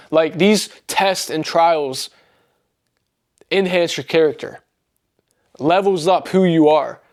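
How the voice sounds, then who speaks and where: A man's voice: on the high side, a little mellow. A young man giving an earnest, casual spoken testimony about his faith, talking straight to his viewers with words like bro and man. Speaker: faith vlogger.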